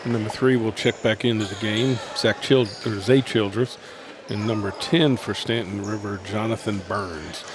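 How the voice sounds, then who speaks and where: A man calling live basketball play-by-play from a high school gym, running the action steadily and correcting himself quickly. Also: fairly even intonation, background noise. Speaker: play-by-play announcer. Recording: gym ambience and ball bounces.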